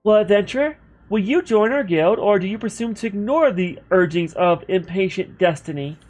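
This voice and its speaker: A man's voice: high voice, lively intonation, moderate pace, a little mellow, pitched above the performer's own voice. A man voicing a formal young woman guild receptionist, reading game dialogue in a grand, theatrical way.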